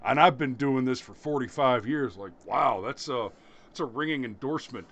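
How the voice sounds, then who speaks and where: A man's voice: mid-range voice, moderate pace, a bit bright, slight background noise. Rambling, joking male podcast host. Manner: rambling joking storyteller, laughs at his own jokes. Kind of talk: casual chat.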